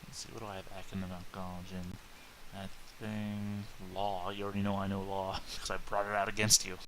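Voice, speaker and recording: A man's voice: low-pitched, monotone, a little fast, background noise. A man playing a tabletop game, chatting casually and laughing at himself. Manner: laughing, self-conscious. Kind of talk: casual chat.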